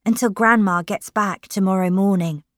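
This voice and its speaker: A woman reading a storybook aloud, voicing a sixteen-year-old girl with a bright, eager voice. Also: medium pitch, normal speed, no room sound, clean studio sound, natural voice. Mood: urgent. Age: teenager.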